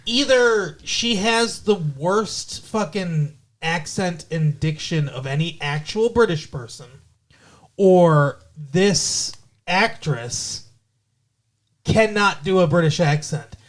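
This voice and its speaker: A man's voice: high voice, expressive, slow. A man co-hosting a podcast in casual chat, rambling and swearing, often stopping to restart his point. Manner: rambling, profane, self-interrupting. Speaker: podcast co-host.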